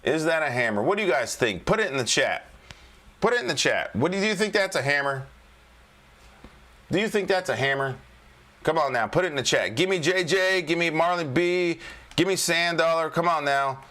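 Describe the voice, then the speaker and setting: A man's voice: fairly high pitch, animated, a little fast, pushed and bright. A man hosting a casual trading livestream as a coach, talking loosely and repeating himself while coaxing viewers to answer in the chat. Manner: loose and repetitive, coaxing the chat with "all right?". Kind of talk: casual live-stream market commentary.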